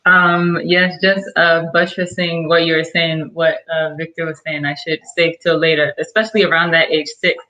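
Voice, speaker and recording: A woman guest speaks in a low yet bright, clear voice. She tells a candid personal story in a talk setting, hesitating often with fillers as she gathers her thoughts. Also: level tone, normal speed, hardly any pauses, rough recording.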